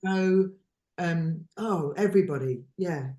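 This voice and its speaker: A woman's voice: on the low side, takes it slowly, dark tone. A woman chatting as a podcast guest, effusive and giggly, laughing between phrases and trailing off into restarts. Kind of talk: casual chat.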